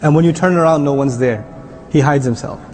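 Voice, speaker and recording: A middle-aged man giving an animated religious lecture as an Islamic teacher, often quizzing his audience. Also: on the high side, brisk, soft background music.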